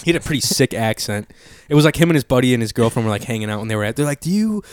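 A man's voice: medium pitch, rapid-fire, clear, resonant tone, no room sound, clean studio sound. A man chatting casually as a podcast co-host, rambling through stories, leaning on "like" and swearing freely. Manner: rambling storyteller, heavy use of "like", swears freely. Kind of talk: casual chat.

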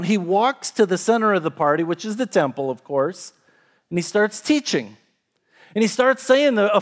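A man with a high voice preaches a sermon, retelling a scripture story in a relaxed, conversational way. His delivery rises and falls, now quick and pressing, now slow and hushed. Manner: storytelling, conversational, rising and falling emphasis. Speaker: pastor.

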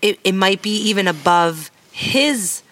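A woman's voice: medium pitch, expressive, measured pace, fairly bright tone, dry recording. A woman co-hosting a podcast, chatting casually as she recaps a TV episode, quoting characters and swearing now and then. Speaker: podcast co-host.

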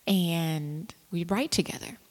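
A woman's voice: fairly low pitch, slow, darkish tone, in a large hall. A woman rambling casually about her home brewing, with lots of fillers and restarts. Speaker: home brewer. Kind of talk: casual vlog chat.

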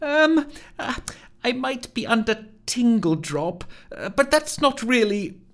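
A man doing a flustered, stammering woman in a falsetto. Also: very animated, takes it slowly, full character voice. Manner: stammering, gushing apologies. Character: flustered, apologetic, bumbling woman office worker. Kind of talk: audiobook character voice.

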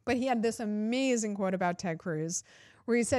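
A woman's voice: medium pitch, normal speed, a little mellow, dry recording, clean studio sound. A woman podcast host ranting casually, profane, sarcastic and exasperated.

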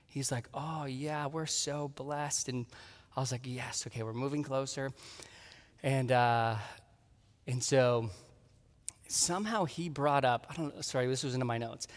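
A man's voice: medium pitch, measured pace. Man preaching in an echoing hall. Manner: animated storytelling, acting out his own dialogue. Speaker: pastor. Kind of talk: sermon.

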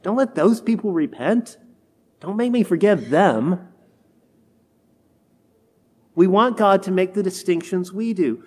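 Preacher, male, high-pitched, delivers a homily and acts out quoted complaints. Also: animated, unhurried, pauses often, slightly rough. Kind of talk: sermon.

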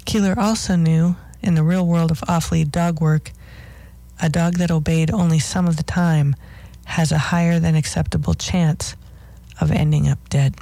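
Gravelly, dark-voiced dog-trainer host. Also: medium pitch, fairly even intonation, normal speed, no room sound. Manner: wry, opinionated, with dry asides. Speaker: radio show host. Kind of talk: scripted talk radio commentary.

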